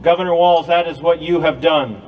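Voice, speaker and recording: A man's voice: on the high side, normal speed, dull audio, a little hiss or hum. A man giving an impassioned speech to a crowd at an outdoor rally, with a preacher-like cadence. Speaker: rally speaker.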